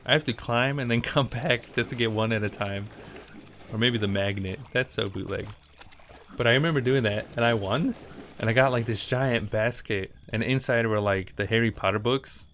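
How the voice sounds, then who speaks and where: A man's voice: mid-range voice, moderate pace, fairly bright tone, slight background noise. A man casually telling a childhood story while playing a video game, rambling and breaking off to react to the game. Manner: rambling, chatty, with laughs and asides to the game. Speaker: gaming channel host. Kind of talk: casual gameplay commentary with storytelling. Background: faint game music.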